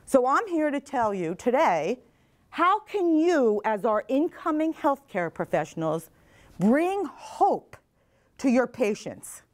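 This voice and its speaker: A woman's voice: high-pitched, very animated, slow pace. A middle-aged woman, a mental health advocate, giving an earnest talk to nursing students and asking them questions. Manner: earnest, asks the audience questions, repeats their answers. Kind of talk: motivational talk to a class. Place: classroom or lecture hall.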